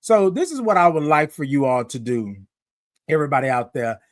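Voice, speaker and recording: Lively chatty man hosting a morning show. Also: a little high, brisk, no echo, clean studio sound. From Houston, Texas. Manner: lively, chatty, sings out greetings to viewers. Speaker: host. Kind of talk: live-streamed morning show chat.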